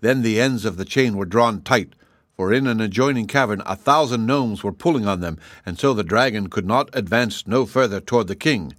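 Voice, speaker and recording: A man narrating a fairy tale audiobook in a measured, even storytelling manner. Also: fairly low pitch, no echo, clean studio sound.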